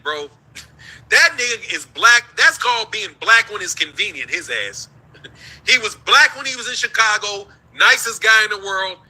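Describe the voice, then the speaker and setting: A man from the United States rants in heated, profane commentary, laughing between his points. His voice sits high for a man and cuts with a hard, tense edge. He talks like a host holding forth on his own show. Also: pushed and bright, low-quality recording. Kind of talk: ranting commentary.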